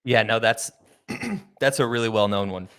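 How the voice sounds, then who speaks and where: A man hosts a podcast in a relaxed chat, his throat irritated so he keeps clearing it. He asks the guest several questions in quick bursts. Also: on the low side. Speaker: podcast host and interviewer. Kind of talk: casual conversation.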